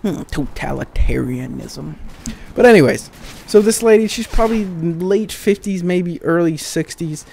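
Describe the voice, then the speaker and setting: A man's voice: sits high, expressive, unhurried, gravelly, a little mellow, a little hiss or hum. A young man telling exasperated, sarcastic, profane stories about retail customers over gameplay. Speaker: gaming channel commentator. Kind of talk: ranting storytime over gameplay.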